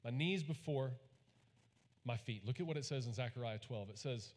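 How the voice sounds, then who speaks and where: Folksy pastor in a reverberant hall. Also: male voice, medium pitch, moderate pace. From Texas. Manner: folksy, storytelling, calls on the congregation to repeat after him. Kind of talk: sermon. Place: large church hall.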